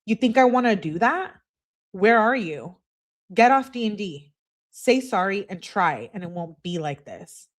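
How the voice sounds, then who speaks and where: A woman's voice: medium pitch, lively intonation, unhurried, lightly acted. A woman reading aloud the text messages of a pushy young woman to her boyfriend, in a demanding tone, with curse words spelled out as letters.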